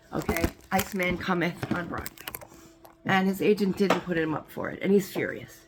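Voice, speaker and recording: A woman's voice: fairly low pitch, noisy background. Rambling woman retelling a movie plot. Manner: rambling, heavy with "like" and "you know"; breaks off for small asides. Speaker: movie explainer.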